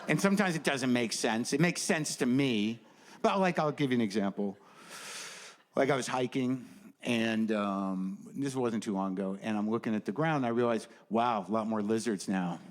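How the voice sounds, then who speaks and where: A man's voice: mid-range voice, moderate pace. A man doing a stand-up set, rambling and self-doubting, bluntly honest in his asides. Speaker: stand-up comedian. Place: comedy stage with a laughing audience. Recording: live room noise.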